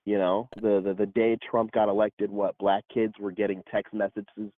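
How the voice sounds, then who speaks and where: A man's voice: fairly low pitch, level tone, normal speed. Earnest man on a tinny phone line. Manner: earnest, talks things through with many "right?". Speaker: guest. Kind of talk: casual political chat.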